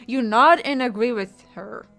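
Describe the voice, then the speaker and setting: Animated young woman reading a text adventure. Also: unhurried, creaky, over loud music. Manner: sudden loud, high-pitched outbursts and swearing. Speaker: streamer playing a text adventure. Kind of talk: reading game text aloud with commentary.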